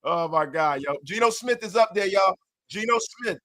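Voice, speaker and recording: High-pitched male streamer hosting a post-game fan show, excitable, loud and repetitive. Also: moderate pace. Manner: excitable, loud, repeats himself, banters with chat.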